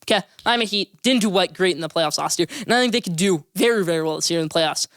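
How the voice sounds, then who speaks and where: A young man hosting a solo sports podcast, giving rapid, emphatic, opinionated takes and repeating names for emphasis. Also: sits high, a bit bright, dry recording.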